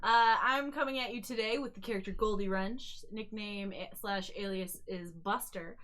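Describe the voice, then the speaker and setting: A woman's voice: mid-range voice, moderate pace, fairly bright tone. A woman playing in a tabletop game, chatting casually and laughing often. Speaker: player.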